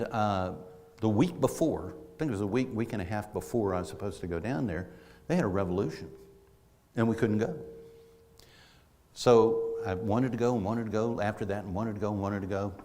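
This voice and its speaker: A middle-aged man delivers a casual, story-driven sermon in a low voice. He talks in a folksy way, often restarting his sentences. His voice carries the long reverb of a church sanctuary. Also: a little mellow. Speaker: preacher. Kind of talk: conversational sermon.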